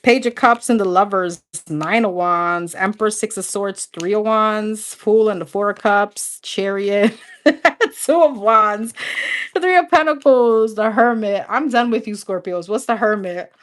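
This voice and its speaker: A woman's voice: mid-range voice, a little slow. Chatty young woman reading tarot. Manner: chatty, laughs often, calls out cards in a list. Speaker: tarot reader. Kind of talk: casual tarot reading livestream.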